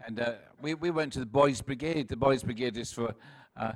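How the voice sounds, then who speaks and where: A Scottish man in his sixties preaching to his congregation in a chatty, self-deprecating way, with plenty of laughs and restarts. His pitch sits right in the middle for a man. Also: brisk, few pauses. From Scotland. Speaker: pastor. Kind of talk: sermon with humorous anecdotes.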